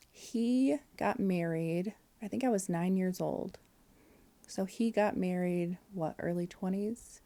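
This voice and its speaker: A woman's voice: on the low side, dark tone. A woman in her forties candidly telling an emotional personal story as a podcast guest, with fillers and quoted dialogue.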